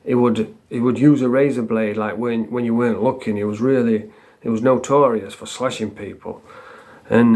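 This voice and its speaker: Man, casual storyteller, rambling and sweary, mid-pitched, plain delivery. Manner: rambling, swearing, laughs at own stories; acts out quotes with shouts. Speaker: vlogger.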